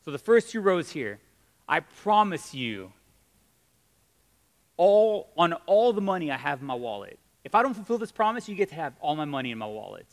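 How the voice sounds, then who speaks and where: A man's voice: a little high, very animated, normal speed. A man preaching a sermon in a conversational, emphatic way, joking with his audience. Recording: long reverb of a hall.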